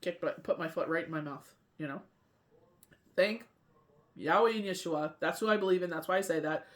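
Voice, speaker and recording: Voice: mid-range voice, normal speed. A tarot reader and medium in a casual spiritual talk, rambling and often asking "you know what I mean".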